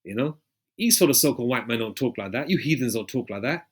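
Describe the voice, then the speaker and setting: A man preaching in a loose, rambling way, often pausing to check in with his listeners and swearing freely. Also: mid-range voice, lively intonation, slightly rough. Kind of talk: casual street-style preaching with scripture readings.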